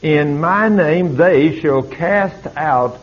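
A man's voice: fairly high pitch, extremely slow. An older man preaching a fervent sermon, his voice climbing as he exhorts. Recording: slightly dull lo-fi recording.

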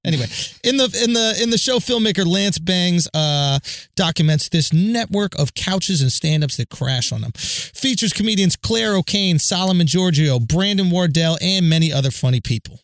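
High-voiced joking man. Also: animated, moderate pace. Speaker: podcast co-host. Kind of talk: casual podcast chat and read ads.

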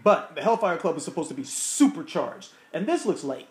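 A man co-hosting a podcast, chatting casually about a film in an animated, opinionated way with jokey asides. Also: a little high, fairly quick. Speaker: podcast co-host. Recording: echoey room.

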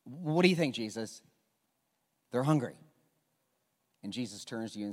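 Man, pastor, sermon, lively swooping delivery, stammered restarts, long hall reverb. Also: mid-range voice, normal speed, long pauses. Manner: animated storytelling, acting out dialogue.

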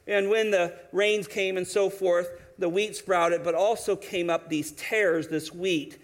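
Male pastor, higher-pitched voice, lively sermon delivery with restarts. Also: a little slow. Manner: animated preaching with quoted voices and restarts.

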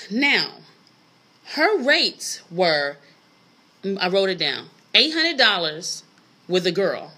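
Solo podcast host, woman, bright, lively delivery, blunt and profane. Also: on the low side. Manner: blunt, profane, incredulous, laughs often. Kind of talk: casual solo podcast rant.

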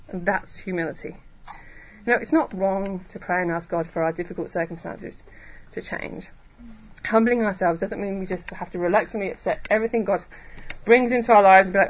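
A woman preacher giving a sermon to a church congregation, earnest and emphatic, slowing down on key phrases. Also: medium pitch, muffled recording. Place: church hall.

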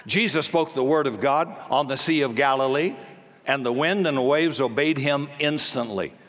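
A man preaching a sermon as pastor, forceful and blunt, with jokes and sudden commands. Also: mid-range voice, moderate pace. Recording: long hall reverb.

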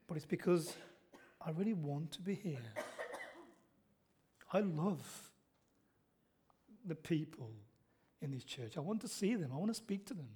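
Pastor, middle-aged guy, highish voice, preaching in church, tells stories and quizzes the congregation. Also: dark tone, husky. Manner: storytelling, asks the congregation questions and answers them. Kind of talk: sermon.

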